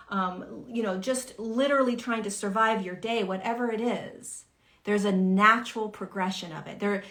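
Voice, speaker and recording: An earnest woman teaches her livestream viewers in a loose, conversational way. She swears freely and plays out the people in her examples in quick acted voices. Her voice sits at an average pitch for a woman. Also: fairly bright tone. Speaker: spiritual teacher hosting a livestream.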